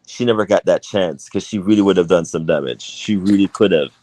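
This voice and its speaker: Male co-host, casual political chat, easygoing, deep, dry sound. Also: a little fast, warm tone, no echo, low-quality recording.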